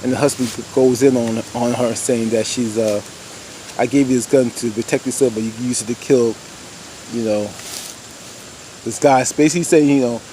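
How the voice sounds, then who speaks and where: A man's voice: mid-range voice, fairly even intonation, normal speed, warm tone, a little hiss or hum, poor audio. Rambling man recapping with heavy fillers. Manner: rambling, many "you know" fillers, addresses viewers as "y'all". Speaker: TV show reviewer. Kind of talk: casual episode recap.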